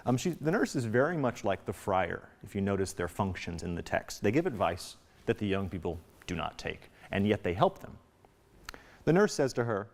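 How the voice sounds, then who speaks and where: A man teaching a recorded literature lesson in a chatty, lively way. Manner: reads quotes aloud in a high put-on voice.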